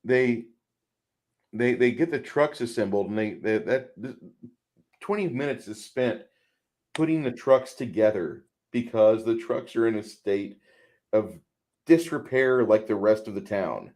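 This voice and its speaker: A man's voice: on the low side, unhurried, darkish tone. A man co-hosting a casual movie podcast, rambling with frequent restarts and putting on voices for quotes. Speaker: podcast co-host; truck driver.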